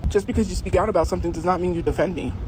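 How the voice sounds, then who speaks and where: A woman's voice: lowish voice, rapid-fire, warm tone, slight background noise, poor audio. A woman arguing insistently on a livestream, repeating her point again and again. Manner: insistent, repetitive, confrontational. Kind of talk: heated livestream argument.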